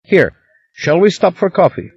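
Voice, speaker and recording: A smooth, patient man with a Scandinavian accent, as a narrator puts him on, speaks in an open, cooperative tone. His voice sits higher than the narrator's and moves through a lively range, and the recording sounds dry and dull. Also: normal speed, dry recording, exaggerated voice. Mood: conciliatory. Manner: calm, conciliatory, smooth.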